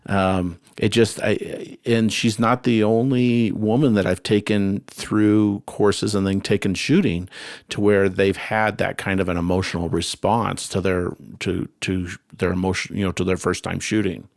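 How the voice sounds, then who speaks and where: A deep-voiced man hosting a relaxed conversation. He rambles, restarts his sentences and leans on fillers. The sound is dry and close, with no room around it. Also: moderate pace, no room sound. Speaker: host. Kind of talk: casual conversation.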